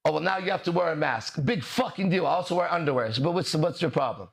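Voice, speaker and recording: Talking fast in a slightly high, creaky voice, this podcast host, a mindset and relationship coach, swaggers through a brash, profane monologue full of rhetorical questions.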